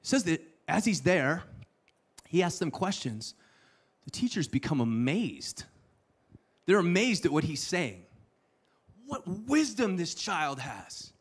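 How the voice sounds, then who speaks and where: A man preaching a sermon, telling the story with playful asides and sudden hushed lines. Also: on the high side, very animated, measured pace, long pauses, breathy edge. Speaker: pastor.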